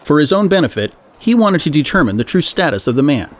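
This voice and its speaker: A man reading a story aloud as narrator, in an even storytelling manner. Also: fairly high pitch, fast talker. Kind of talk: audiobook narration.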